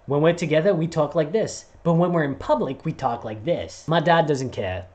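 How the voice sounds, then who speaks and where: A man's voice: a little high, brisk. A man and voice actor telling a personal story to camera in a casual vlog, acting out voices as he goes. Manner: animated, acts out voices while telling a story. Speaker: vlogger and voice actor.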